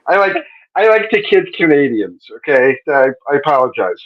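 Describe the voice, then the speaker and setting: A man with a fairly high voice hosts a live-stream interview over a video call, joking and rambling as he goes. The audio is dull and lo-fi. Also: big pitch swings, normal speed. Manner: joking, rambling, self-correcting. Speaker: interview host.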